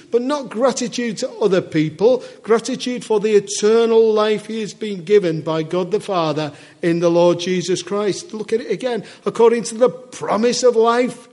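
A man's voice: sits high, darkish tone. A man preaching a sermon to a church congregation in a conversational way, often asking his listeners questions.

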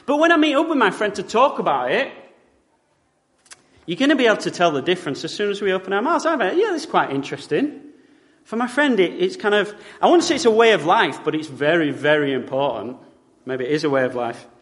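Male British preacher, bright lively pitch, conversational wry sermon, reverberant church hall. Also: fast talker. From Britain. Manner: wry, conversational preaching with rhetorical tag questions.

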